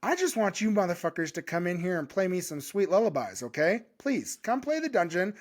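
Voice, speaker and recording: A man co-hosting a podcast in casual chat, loud and joking, with a lot of swearing. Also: high voice, sing-song, brisk. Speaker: podcast co-host. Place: home podcast studio.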